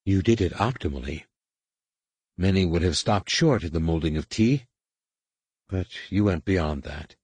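A man's voice: sits low, lively intonation, breathy edge, dry recording, heavily acted. A man voicing a stern female master shaper. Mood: stern, measured. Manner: measured, quiet, authoritative.

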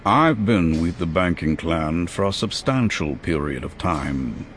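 Narrator doing a smooth, low-voiced, scheming banking official; measured and formal. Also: male voice, lively intonation, slight background noise. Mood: cool. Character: smooth scheming male banker, inspector.

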